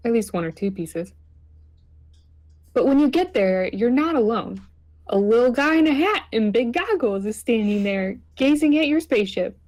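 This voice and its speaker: A woman's voice: fairly high pitch, lively intonation, moderate pace, darkish tone. Woman host reading game text aloud, giggly and rambling, casual. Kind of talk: casual gaming chat with narration.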